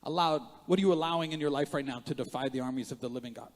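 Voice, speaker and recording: A man preaching a sermon as pastor, moving between quiet asides and loud emphatic rises, with joking self-mocking moments. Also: medium pitch, rapid-fire, long reverb tail. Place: church sanctuary.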